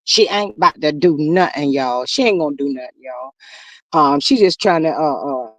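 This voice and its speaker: A woman's voice: sits low, expressive, moderate pace, no echo, low-quality recording. A woman hosting a casual live stream, chatty and saying "y'all" a lot. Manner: chatty, reads viewer comments aloud, says "y'all" often. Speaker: livestream host.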